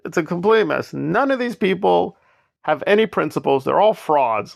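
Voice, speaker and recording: A man's voice: high voice, lively intonation, normal speed, vocal fry, no room sound, studio quality. A man giving sarcastic, scornful commentary on online drama.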